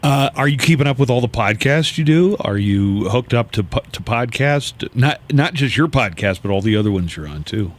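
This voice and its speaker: Laid-back radio host guy asking questions, middle pitch, laughs a lot. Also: animated, moderate pace, hardly any pauses. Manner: easygoing, laughs often. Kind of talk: casual interview.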